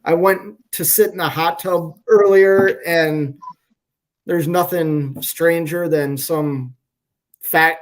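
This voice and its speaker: A man trucker chatting casually on a live stream from a hotel room, talking in slow, halting phrases with frequent restarts. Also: on the high side, steady tone. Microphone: phone on hotel wifi.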